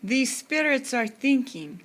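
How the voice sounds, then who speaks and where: Woman doing a husky mock fortune-teller. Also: sits high, very animated, fairly bright tone, voice pushed up, full character voice. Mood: mysterious. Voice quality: thick, husky put-on accent. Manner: slow, theatrical pronouncements. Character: girl putting on a husky foreign fortune-teller voice.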